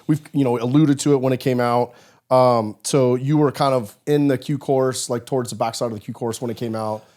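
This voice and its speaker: A man's voice: medium pitch, brisk. A man hosting a podcast who chats casually with his guest, with lots of fillers. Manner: relaxed and chatty, with many fillers. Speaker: podcast host. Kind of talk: casual interview chat.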